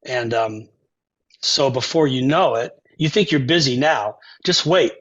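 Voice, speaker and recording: Speaking a little slowly in a mid-range voice, this older composer and saxophonist brings his interview stories to life by voicing the characters and singing bits of phrases. The talk is conversational storytelling from a guest. There's a little hiss or hum on the dull, lo-fi podcast recording.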